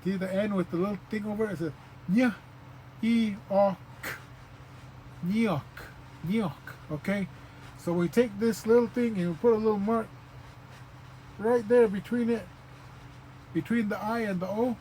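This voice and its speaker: A man with a fairly high voice teaches a language lesson at an easy, patient pace. He repeats each sound slowly and fills pauses with um and uh. Faint background noise sits under the recording. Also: steady tone, dark tone, low-quality recording. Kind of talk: informal spoken lesson.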